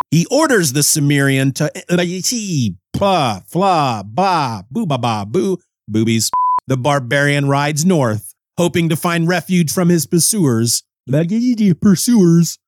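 A man's voice: fairly high pitch, very animated, a little slow, no echo, clean studio sound. A man hosting a podcast while sick, with a stuffy, congested voice, reading lines over and over in a frustrated, self-mocking way. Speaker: podcast host. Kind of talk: casual podcast reading with retakes.

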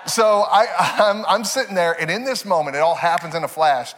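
Animated young pastor in a reverberant hall. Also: male voice, high-pitched, fairly quick, a little hiss or hum. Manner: animated, laughing through stories, many fillers. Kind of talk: sermon with personal storytelling. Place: church sanctuary. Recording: long reverb of a church hall.

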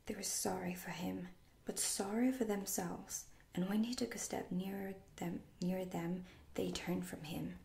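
Slow whispering woman reading a story. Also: fairly low pitch, steady tone, creaky. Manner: whispered, soft-spoken. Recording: roomy echo.

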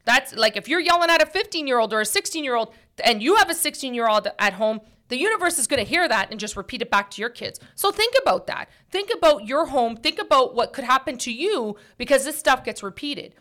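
A woman hosting a talk show, holding forth in a casual, preachy way. Her voice sits a little high, and she leans hard on her points with loose, filler-heavy phrasing. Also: lively intonation, a little fast, hardly any pauses, a bit bright. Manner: emphatic, preachy, many fillers.

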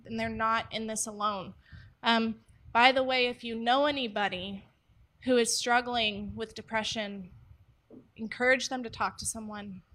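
A woman's voice: on the high side, pushed and bright. A young woman speaking earnestly about faith, candid and personal, with frequent ums. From United States. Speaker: church ministry speaker. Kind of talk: faith-based teaching talk.

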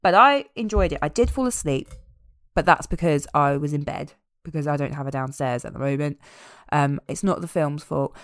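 A woman chatting casually as a podcast co-host, animated and amused as she recaps a film. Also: sits low, normal speed, no echo, clean studio sound. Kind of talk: casual chat.

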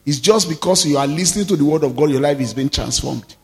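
A man's voice: a little high, quick pace, vocal fry, in a large hall. A man preaching a sermon as pastor, stressing and drawing out words and calling out to the congregation.

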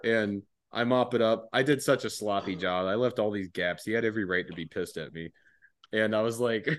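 A man's voice: on the low side, a little fast, no room sound. A young man, a former soldier, telling a casual profane story on a podcast with frequent laughs and swearing. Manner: laid-back, laughing often, heavy swearing.

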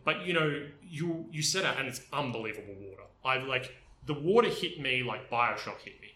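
A man with a very bright, forceful voice talks enthusiastically in a casual chat, piling up fillers as he tells his stories. The room is roomy and echoey around him. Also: mid-range voice, animated, brisk. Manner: enthusiastic, storytelling with many fillers. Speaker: podcast co-host. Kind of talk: casual chat about games. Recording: roomy echo.

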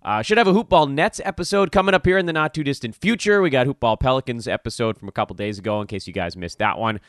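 A male podcast host whose voice is a little hoarse, talking quickly and animatedly with playful asides. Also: medium pitch, no room sound, studio quality. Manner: animated, quick asides and mock-dramatic openings. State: slightly hoarse. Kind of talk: energetic podcast chat.

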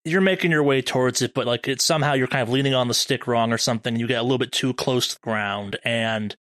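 A man running a tabletop horror game as game master, narrating in a measured way with slow dramatic beats. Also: mid-range voice, a bit bright, no echo.

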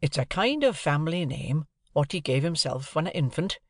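A man reading an audiobook, voicing a gentle, simple blacksmith with plain, homely speech. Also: a little high, animated, moderate pace, dry recording, studio quality.

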